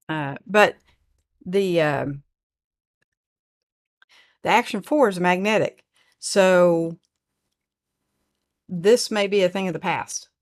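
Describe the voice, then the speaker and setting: An older woman with an Oklahoma twang hosting a casual livestream, chatting and reading viewer comments aloud in a rambling way. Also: on the low side. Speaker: livestream host.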